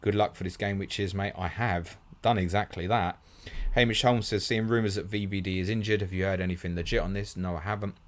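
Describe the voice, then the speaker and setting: A man's voice: deep voice, fairly even intonation, brisk. A man hosting a live fantasy football stream, bluntly answering viewer questions one after another and calling everyone mate. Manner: blunt, matey, rattles through questions, calls everyone mate.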